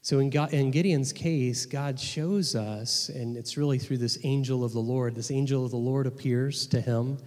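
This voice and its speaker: A man's voice: mid-range voice, steady tone, moderate pace, hardly any pauses, a little mellow. A man preaching a sermon as pastor, earnest, often repeating words as he restarts a phrase. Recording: long reverb of a hall.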